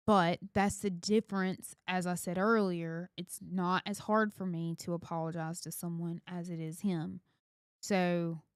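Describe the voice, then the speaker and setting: A woman's voice: on the low side, smooth, dry recording, studio quality. A woman, earnestly giving parenting advice on a casual podcast. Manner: earnest, advice-giving, speaks directly to listeners. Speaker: podcast co-host.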